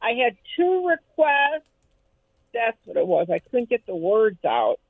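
A woman calling in to a radio show, rambling and halting as she searches for words. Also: fairly high pitch, very animated, dry recording. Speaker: caller. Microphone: telephone. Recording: tinny phone line, dry.

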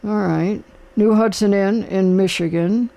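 A man's voice: high voice, fairly even intonation, unhurried, gravelly, mellow. An older man hosting a casual talk show, rambling and chatty with lots of fillers. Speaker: radio host. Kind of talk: casual chat.

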